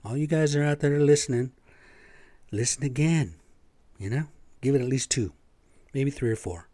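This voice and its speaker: A man's voice: medium pitch, moderate pace, mellow, dry recording. A man hosting his own podcast, rambling in casual, profane talk with lots of fillers. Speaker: podcast host. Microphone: podcast microphone.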